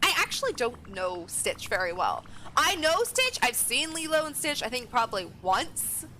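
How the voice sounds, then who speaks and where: A woman's voice: high-pitched, very animated, moderate pace, sharp tone, slight background noise. A woman game streamer chatting casually and reading game dialogue aloud. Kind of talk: casual gameplay commentary.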